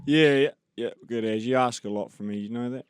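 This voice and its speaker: A man's voice: medium pitch, a little fast, clear, resonant tone. A man, the show's producer, chatting in a dry, teasing, reluctant way. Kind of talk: casual chat.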